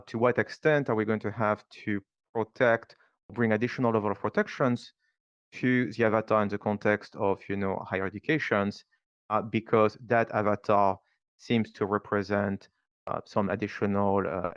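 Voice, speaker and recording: A man with a French accent speaking on a panel, pausing often with fillers as he works through his points. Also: fairly low pitch, steady tone, clean tone, no echo, muffled recording. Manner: thoughtful, halting, many fillers. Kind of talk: panel discussion.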